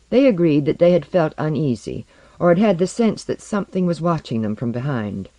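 A man narrating a story in a measured, expressive scripted reading. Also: a little high, dry recording. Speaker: audiobook narrator.

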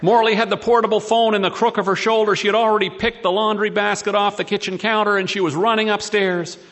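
High-voiced male storyteller. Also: flat delivery, fast talker, fairly bright tone. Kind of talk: storytelling reading.

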